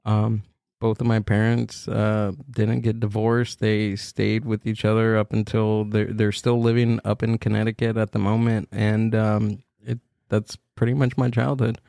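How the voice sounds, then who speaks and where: Male podcast host, gravelly fry, dry close sound, loose rambling chat. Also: fairly low pitch, level tone, warm tone, no echo. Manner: rambling, quick to laugh. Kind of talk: casual comedy chat.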